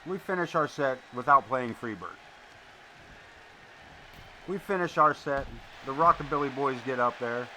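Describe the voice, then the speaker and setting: Man, wrestling commentator, bright forceful voice, a bit higher pitched, blunt and profane, live play-by-play. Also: animated, moderate pace, pauses often, slight background noise. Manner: profane, blunt, chatty asides. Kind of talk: live play-by-play commentary mixed with casual chat.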